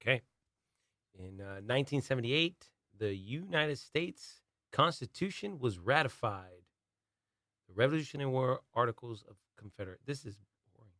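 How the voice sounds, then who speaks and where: A man co-hosting a comedy podcast, speaking at an ordinary mid pitch. He laughs easily and reads facts out in a plain, matter-of-fact way. The recording is close and dry. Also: lively intonation, normal speed, bright, forceful tone, no room sound. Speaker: podcast co-host. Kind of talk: casual comedy podcast banter.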